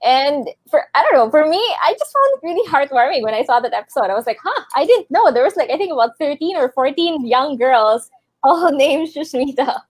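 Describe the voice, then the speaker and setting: A woman's voice: high voice, expressive, brisk, no room sound. A woman who grew up in the Philippines, telling a story thoughtfully in a casual panel discussion, with many fillers.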